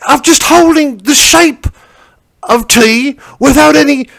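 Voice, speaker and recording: A man's voice: very high voice, slow, vocal fry, fairly bright tone, voice pushed up, heavily acted. A man doing a bumbling Essex stand-up comic. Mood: bewildered. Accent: put-on English (Essex). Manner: rambling, stumbling, eager to please, keeps asking "right?". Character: hapless English male stand-up comic from Essex. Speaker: comedian. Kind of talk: character stand-up comedy.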